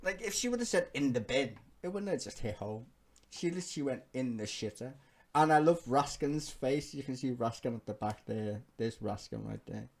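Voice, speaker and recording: A man's voice: medium pitch, lively intonation, fairly quick, darkish tone. A man ranting through a political reaction video, swearing freely and pressing each point hard. He breaks into laughter between angry stretches. His delivery stays heated and emphatic throughout. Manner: laughs often while talking. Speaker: political commentary vlogger.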